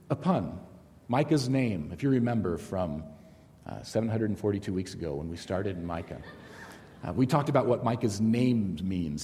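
A middle-aged man teaching a Bible study in a conversational style, telling stories and jokes along the way. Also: lowish voice. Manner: conversational, animated storytelling with jokes. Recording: long hall reverb.

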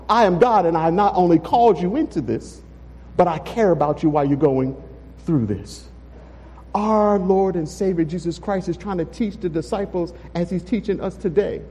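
A pastor preaches with an unusually high, mellow voice, pressing his congregation with rhetorical questions. He speaks emphatically from the pulpit. His words ring out with the long reverb of a church sanctuary. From Texas. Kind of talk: sermon.

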